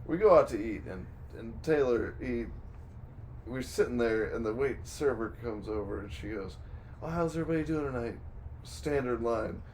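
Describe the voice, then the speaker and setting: A man's voice: mid-range voice, normal speed, a little mellow, slight background noise, rough recording. A man co-hosting a podcast in casual chat, teasing his friends with crude jokes. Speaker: podcast co-host.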